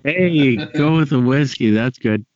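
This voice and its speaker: A man's voice: mid-range voice, measured pace, no echo. A man hosting a casual podcast, laid-back and hesitant, with casual swearing. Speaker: podcast host. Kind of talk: casual chat. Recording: dry, dull lo-fi audio.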